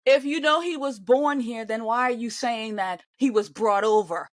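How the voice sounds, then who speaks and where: A woman's voice: a little high, moderate pace, no room sound, studio quality. A woman giving reaction commentary on an interview, indignant and sarcastic, talking back at the screen. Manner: animated, swings between loud outbursts and mutters.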